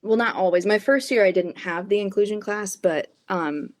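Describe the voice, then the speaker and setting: A woman's voice: medium pitch, moderate pace. A woman teacher as podcast guest, giving friendly, thoughtful answers in a casual interview.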